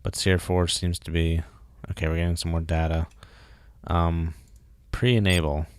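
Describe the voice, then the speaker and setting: A man's voice: sits low, level tone, moderate pace, darkish tone, clean tone, no room sound, studio quality. A man casually thinking aloud while streaming a game, muttering and joking at himself. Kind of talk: casual live gameplay commentary.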